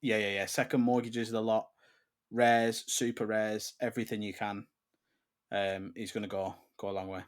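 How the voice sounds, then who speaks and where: A man's voice: fairly low pitch, normal speed, smooth. A young man, co-hosting a casual football chat and ranting with swearing when riled. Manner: animated, swears, rants loudly when riled. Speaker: podcast co-host. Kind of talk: casual banter.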